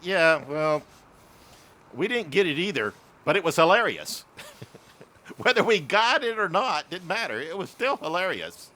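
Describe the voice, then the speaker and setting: A man's voice: sits high, very animated, normal speed, sharp tone. A man in his later years telling a rambling childhood story, often laughing at himself. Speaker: vlogger. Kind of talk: casual storytelling monologue.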